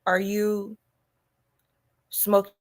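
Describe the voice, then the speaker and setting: A woman hosting a podcast, delivering a loud, animated comedic monologue to her listeners. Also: mid-range voice, drawn-out words. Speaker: podcast host.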